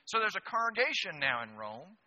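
A man's voice: high-pitched, very animated, fairly quick, bright, forceful tone, lo-fi sound. A man preaching a sermon to a congregation, emphatic and asking the room rhetorical questions. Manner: emphatic, frequent rhetorical "Okay?" checks.

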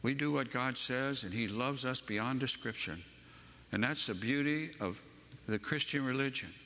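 A man's voice: medium pitch, normal speed, pushed and bright, in a large hall. A man from Western North Carolina with a Southern accent, preaching a sermon and telling a personal story with emphatic, rising delivery.

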